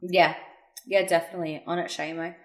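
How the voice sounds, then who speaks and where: A woman recaps events for a podcast in casual, animated talk, slipping into quoted voices and laughing along the way. Her voice sits on the low side for a woman. The recording carries a noticeable roomy echo. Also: a little fast. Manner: animated retelling, acts out quotes, laughs often. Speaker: podcast co-host. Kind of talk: casual chat recapping wrestling. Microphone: remote call mic.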